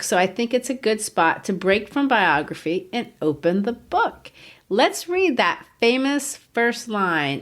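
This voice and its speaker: Brief: woman podcast co-host, mid-pitched, earnest and explanatory, laughs easily. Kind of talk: conversational literature discussion.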